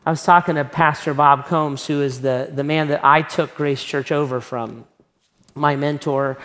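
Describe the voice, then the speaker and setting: A man's voice: a little high, fairly even intonation, normal speed, fairly bright tone. A man preaching a sermon as a pastor, conversational and emphatic, often tossing rhetorical questions to the congregation.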